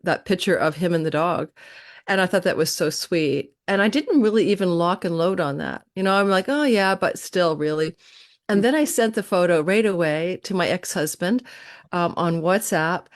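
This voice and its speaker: A woman guest on a live online chat, telling a story in an animated way with uh and um fillers. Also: on the low side. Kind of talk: casual storytelling on a live stream.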